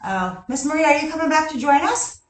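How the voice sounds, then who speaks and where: A woman's voice: high-pitched, lively intonation, brisk, recorded from a distance. A woman leading a live online gymnastics workout as coach, counting reps cheerfully and chuckling between exercises. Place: large gym. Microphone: camera a distance away. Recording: echoey gym, voice off-mic.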